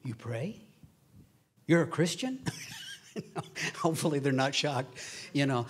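Husky-voiced male pastor preaching. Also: mid-range voice, moderate pace, long pauses. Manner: animated, acts out quoted voices, laughs at his own stories. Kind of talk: sermon.

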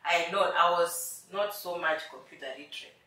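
A woman in her thirties telling her story as an interview guest, animated and laughing often, acting out the voices she quotes. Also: on the low side, brisk. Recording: echoey room, mic at a distance.

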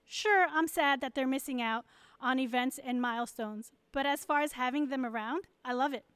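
A woman's voice: high voice, normal speed, a bit bright, clean tone, no echo. A pastor's wife giving a church message to mothers, candid and encouraging.

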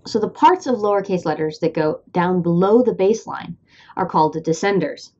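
A woman's voice: fairly low pitch, expressive, moderate pace, darkish tone, muffled recording. A woman with a Midwestern accent hosting an educational explainer, upbeat and playful with asides. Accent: American Midwestern. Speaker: host.

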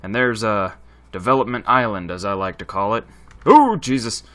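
A man's voice: fairly low pitch, brisk, bright, forceful tone. A man giving casual let's play commentary, thinking aloud and chatting to his viewers. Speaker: gaming channel host.

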